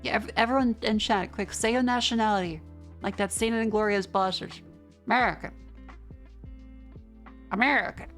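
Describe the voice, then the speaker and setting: A woman's voice: medium pitch, moderate pace, long pauses, soft background music. A young Australian woman streaming live, chatting with viewers and reading their messages aloud, often stumbling and restarting. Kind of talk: casual live-stream chat.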